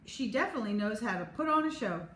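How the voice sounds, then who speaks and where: A woman reads as a cheerful young schoolboy, friendly and plain-spoken, in a fairly high voice. The room rings with echo. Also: lively intonation, quick pace, fairly bright tone. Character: friendly first-grade boy, best friend. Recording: echoey room, faint hum.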